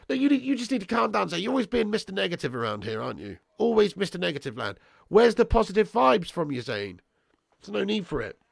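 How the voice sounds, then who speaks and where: A man's voice: a little high, creaky, no room sound, clean studio sound. A young man hosting a football watch-along, reading out live chat with swearing banter and calling viewers lad and bro.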